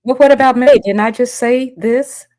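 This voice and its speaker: A woman co-hosting a casual sports talk show, teasing the others in quick banter. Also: on the high side, darkish tone, dry recording, clean studio sound.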